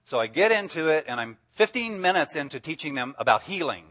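A man's voice: a little high, big pitch swings, fairly quick, bright, forceful tone. A man preaching as a guest speaker, enthusiastic and emphatic, often breaking into laughter. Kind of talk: sermon.

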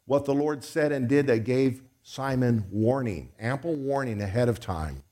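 A man's voice: medium pitch, moderate pace, mellow. A man preaching a sermon in a conversational way, acting out quoted voices as he goes.

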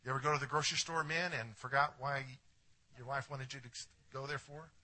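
A male pastor delivers a sermon in a sharp, bright voice with a breathy, husky grain. He drops to near-hushed phrases and then lifts into emphatic declarations. He often turns to the congregation with direct questions. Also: mid-range voice, steady tone, fairly quick. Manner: preaching with wide swings from hushed to emphatic.

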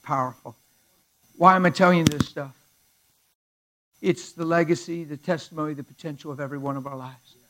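A middle-aged man preaches in a high voice, telling stories with lively swings in loudness. He acts out the people in his tales, dropping to near hushed tones before rising again. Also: fairly quick, pauses often, a little hiss or hum, low-quality recording. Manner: animated storyteller acting out dialogue, swings from hushed to loud. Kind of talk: sermon storytelling.

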